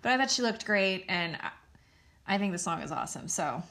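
A woman's voice: fairly low pitch, lively intonation, brisk, gravelly, fairly bright tone. A young woman hosting a solo podcast, chatting in a candid, rambling way and swearing now and then. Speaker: podcast host. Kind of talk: solo casual chat.

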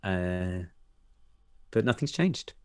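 A man's voice: sits low, animated, very slow, clear, resonant tone, no room sound, studio quality. A man, an actor and A&E doctor, candidly telling personal stories in conversation, laughing often and acting out family dialogue. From United Kingdom.

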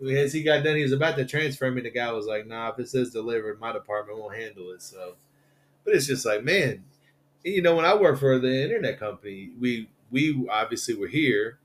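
A man's voice: mid-range voice, normal speed, fairly bright tone. A man hosting a podcast, telling rambling, profane stories in casual chat. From Louisville, Kentucky. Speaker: podcast host.

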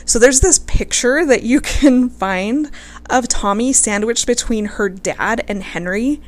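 A woman's voice: a little high, unhurried. A woman casually telling a history story to her viewers, gushing over her subject, swearing freely and close to tears.

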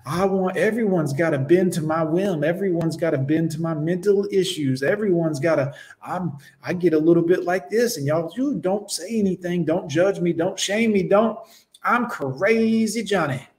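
A man's voice: fairly high pitch, normal speed, few pauses, a little mellow. A young man ranting sarcastically and profanely as he reacts to news clips. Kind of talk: casual reaction commentary.

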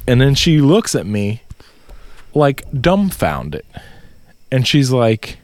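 A man telling a story in casual podcast chat, swearing a lot and getting loud in disbelief. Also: medium pitch, slow, pauses often, dry recording. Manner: profane, animated storytelling, rising to loud disbelief. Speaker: podcast co-host.

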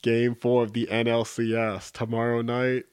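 A man hosting a podcast in a relaxed, joking way, rambling with fillers. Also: medium pitch, normal speed, smooth. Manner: laid-back, jokey, rambling with fillers. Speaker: podcast host. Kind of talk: casual chat.

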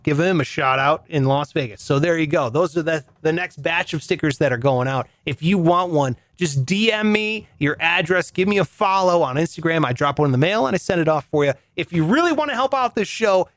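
A male podcast host with a naturally high voice, talking in a loose, chatty way as he thanks listeners. His pitch swings up and down a lot. The recording is close and dry, with no room sound. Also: dry recording. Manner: chatty, reading listener shout-outs. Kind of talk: casual podcast outro.

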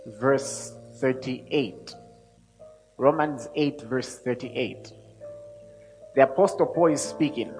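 A man preaching a sermon to a congregation, speaking emphatically and rising to loud peaks when he reads scripture. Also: mid-range voice. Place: church hall. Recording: long hall reverb with faint music.

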